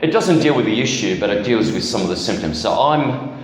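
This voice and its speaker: A man's voice: mid-range voice, lively intonation, a little fast, a little hiss or hum. A man giving a candid testimony as guest preacher at a church, telling a personal story with self-deprecating humor. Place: church hall. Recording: echoey church hall.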